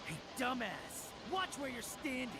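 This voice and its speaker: A swaggering, boastful rich tough guy with a thick accent, his high voice swooping widely as he leans hard on each emphasized word. He sounds like game audio with clear background noise behind him. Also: big pitch swings, a little slow, exaggerated voice. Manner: emphatic, intentional delivery. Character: boastful rich man, gangster bravado.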